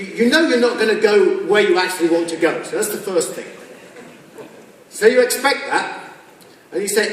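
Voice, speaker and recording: A man with a fairly high voice gives a jokey conference talk, acting out small scenes along the way. He is heard from a distance in a big hall that rings with long reverb. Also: slight background noise. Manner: jokey, acts out little scenes with quoted voices. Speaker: keynote speaker. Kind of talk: humorous business talk. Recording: echoey hall from far off.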